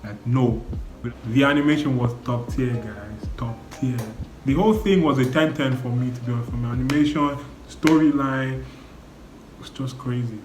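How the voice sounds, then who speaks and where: A man's voice: mid-range voice, normal speed, slight background noise. A young man giving a casual, emotional spoken review, exclaiming and repeating "no, no, no" as he talks. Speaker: anime reviewer. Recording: roomy echo, faint background music.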